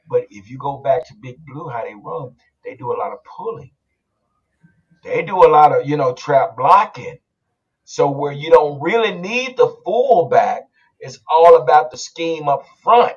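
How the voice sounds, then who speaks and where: Man, podcast host, casual sports chat, husky voice, muffled lo-fi sound. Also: a little high, animated, measured pace.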